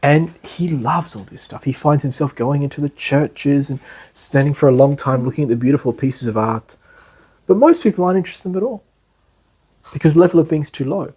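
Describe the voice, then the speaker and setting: A man's voice: fairly high pitch, lively intonation, brisk, dark tone, husky. A man giving a class as an instructor, talking loosely with many fillers and restarts. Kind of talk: lecture.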